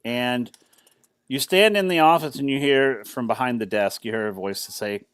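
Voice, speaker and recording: A man's voice: mid-range voice, normal speed, a bit bright, clear, resonant tone, no room sound. A man narrating a tabletop game as game master, chatty and rambling as he describes the scene. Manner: chatty, rambling, many fillers and restarts.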